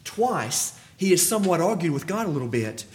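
A man preaching a sermon, acting out dialogue from scripture, with lively swings and some stammering restarts. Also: on the high side, fairly quick, slight background noise. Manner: animated, acts out biblical dialogue, restarts and stammers.

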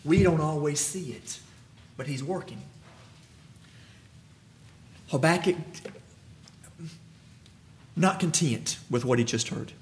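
A man preaching a sermon, acting out dialogue from scripture, with lively swings and some stammering restarts. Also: on the high side, slow, pauses often. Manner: animated, acts out biblical dialogue, restarts and stammers.

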